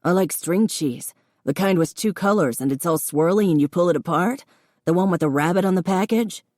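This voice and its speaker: A woman's voice: lowish voice, brisk, darkish tone, no echo, studio quality, close to an everyday voice. Woman doing an eager, childlike young man.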